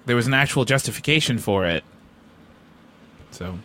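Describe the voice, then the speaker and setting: A man's voice: mid-range voice, lively intonation, normal speed, a bit bright. A man co-hosting a movie talk show, dry and skeptical, dismissing hype in casual chat. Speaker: co-host.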